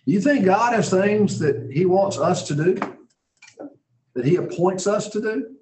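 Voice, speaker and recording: A man teaching a Bible study lesson in a folksy, conversational way, often clearing his throat. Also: high-pitched, lively intonation, measured pace, darkish tone, a little hiss or hum. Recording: roomy echo.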